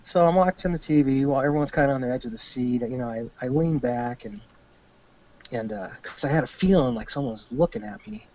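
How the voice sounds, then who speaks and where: A man's voice: mid-range voice, a little fast, highs cut off. A man, an army veteran and podcast guest, telling a story casually, cursing freely and acting out the lines of the people in it. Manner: animated, profane, acts out quoted dialogue.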